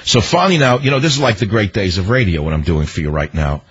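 Indignant, husky radio talk host. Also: male voice, fairly low pitch, animated, fast talker. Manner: indignant, rhetorical, hammering repetition. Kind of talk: political radio commentary. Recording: dull lo-fi radio broadcast.

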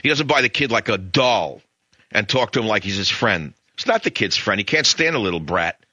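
A man's voice: fairly low pitch, lively intonation, a little fast, bright, forceful tone, no echo. A middle-aged American man hosting a talk radio show, retelling a story in a rambling, emphatic way with opinionated asides. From United States.

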